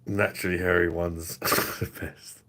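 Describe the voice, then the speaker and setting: Low, forceful-voiced bloke. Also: male voice, flat delivery, unhurried. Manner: rambling, profane, laughing often. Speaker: drinks reviewer host. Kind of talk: casual livestream chat.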